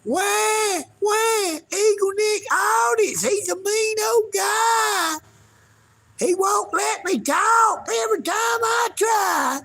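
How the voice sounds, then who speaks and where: A man putting on the falsetto of a whiny, weepy critic who sobs and complains. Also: slow, pushed and bright, raised voice, full character voice. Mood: whiny crying. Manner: whining, sobbing, squealing high.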